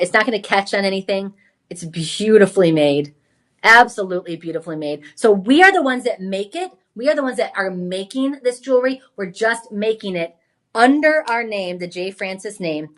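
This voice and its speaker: A woman hosting a live home-shopping show, pitching jewelry in an enthusiastic, chatty way with frequent exclamations. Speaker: shopping channel host.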